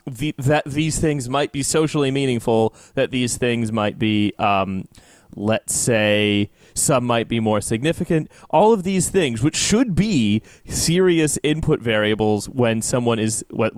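A man's voice: mid-range voice, no echo, clean studio sound. A man co-hosting a podcast, talking through a TV episode in a rambling, wry way with many fillers. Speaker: podcast co-host. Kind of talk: casual chat recapping a TV episode.

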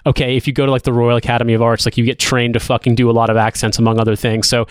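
A man's voice: medium pitch, flat delivery, racing, smooth, no room sound. A man co-hosting a podcast in casual chat, rambling with restarts and frequent swearing. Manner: rambling, profane, with filler-heavy restarts. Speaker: podcast co-host.

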